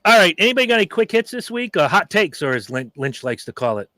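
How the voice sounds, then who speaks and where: A man's voice: sits high, very animated, quick pace, bright, forceful tone, no room sound. A middle-aged man hosting a podcast, chatting casually and telling stories with profanity and acted-out quotes. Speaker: podcast host. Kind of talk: casual chat.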